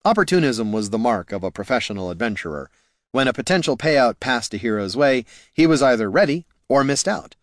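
A man reads a comic fantasy audiobook in a wry, measured manner. His voice sits at a middle pitch and the recording is close and dry, with no room sound. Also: big pitch swings, dry recording. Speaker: narrator. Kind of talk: audiobook narration.

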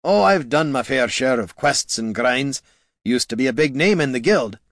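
A man doing a gruff hungover dwarf. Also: animated, moderate pace, a bit bright, no echo, clean studio sound. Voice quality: growling, low.

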